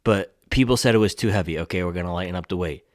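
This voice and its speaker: An excitable man with a low voice hosts a casual shoe review vlog. He talks freely, tossing in slangy exclamations as he goes. The sound is dry and close, with no room in it. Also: racing, no room sound.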